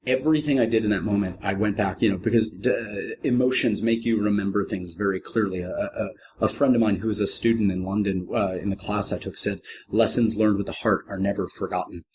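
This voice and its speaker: A man's voice: brisk, few pauses, slight background noise. A middle-aged man, a professional clown, guesting on a podcast and telling a story with wry, self-deprecating humor, jumping into quoted voices. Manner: lively, acts out quoted voices with big pitch jumps. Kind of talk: animated anecdotal storytelling.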